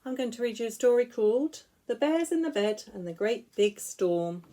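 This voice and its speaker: A woman teacher reading picture books aloud to young children in an expressive, sing-song way. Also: on the high side, moderate pace. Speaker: school teacher.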